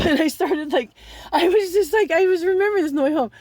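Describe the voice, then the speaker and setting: A high-pitched man rants through a rambling story, swearing constantly and laughing between lines. He talks sarcastically and keeps breaking off into side remarks. The sound is dry, with no room echo. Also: quick pace. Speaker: vlogger. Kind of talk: profane storytelling rant.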